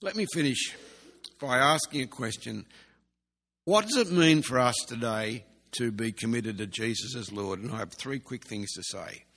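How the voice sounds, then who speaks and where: A man preaching a sermon in an earnest way, slowly repeating key phrases for emphasis. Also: mid-range voice, expressive, fairly bright tone. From Australia. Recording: long hall reverb.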